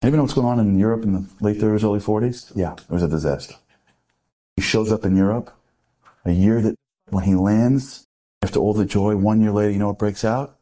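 A man giving an inspirational storytelling talk to a live audience, animated, with rhetorical questions and acted-out dialogue. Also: fairly low pitch, a little fast. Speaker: inspirational speaker.

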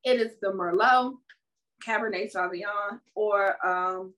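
A woman's voice: mid-range voice, a little slow, fairly bright tone. A woman co-hosting a casual podcast, chatting playfully and reading wine labels aloud. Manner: playful, sign-off announcer flourishes. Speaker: podcast co-host. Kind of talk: casual chat.

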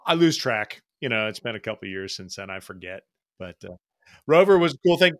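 A man's voice: on the low side, very animated, brisk, no echo. Casual male host, dry close sound. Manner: casual, explaining terms for listeners. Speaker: podcast host. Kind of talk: conversational interview.

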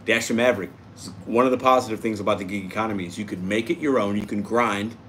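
A man's voice: lowish voice, quick pace, a bit bright, slight background noise. A man hosting a casual livestream, reading out and answering viewer comments in an upbeat, chatty way. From Puerto Rico. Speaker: livestream host reading chat.

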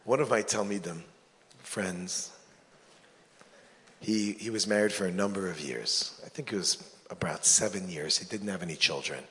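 A man's voice: deep voice, moderate pace. A man, a rabbi, giving a sermon and telling stories with joking asides. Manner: animated storyteller, joking asides. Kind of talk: sermon with storytelling. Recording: long hall reverb.

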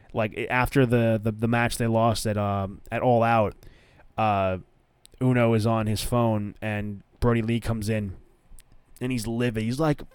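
A man's voice: medium pitch, darkish tone, smooth, dry recording. A man hosting a wrestling podcast in a casual, enthusiastic chat, loose and profane, with frequent fillers.

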